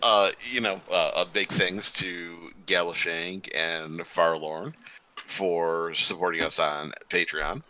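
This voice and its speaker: A man's voice: deep voice, steady tone, takes it slowly, sharp tone. A man with a New York accent, reading thank-yous in a loose, stumbling way. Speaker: co-host.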